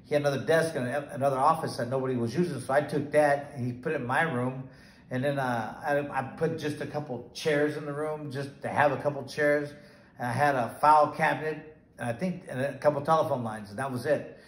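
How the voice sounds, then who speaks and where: A man's voice: mid-range voice, steady tone, a little fast, roomy sound, poor audio. A middle-aged man, a former boxer turned bail bondsman, telling a long rambling story and acting out both sides of the dialogue. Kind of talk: casual storytelling interview.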